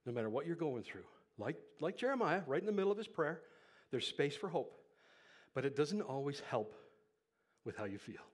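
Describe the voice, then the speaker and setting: A man preaching a sermon to a church congregation, swinging between hushed, slow passages and loud, impassioned climaxes, breathing heavily into the microphone. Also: fairly high pitch, sing-song, breathy edge. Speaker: pastor.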